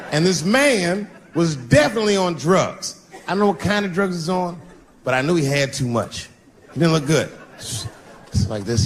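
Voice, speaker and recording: Animated, profane stand-up comedian man. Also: fairly high pitch, a little hiss or hum.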